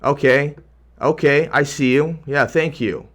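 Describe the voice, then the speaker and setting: A man's voice: on the high side, steady tone, unhurried, fairly bright tone. A young man hosting a livestream, reading viewer comments aloud in a heated, rambling rant full of restarts. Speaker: YouTuber reading chat.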